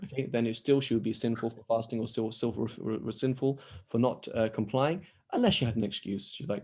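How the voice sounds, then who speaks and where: Warm and medium-pitched, his voice moves a little fast with few pauses. He's an Islamic studies teacher running an online lecture with Q&A on a video call, chatting through answers and acting out quoted lines.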